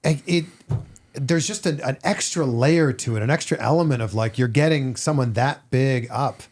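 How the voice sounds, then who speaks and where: Male host, mid pitch, easygoing conversational interviewer. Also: moderate pace, darkish tone. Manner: easygoing, chatty questions. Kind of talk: casual interview chat.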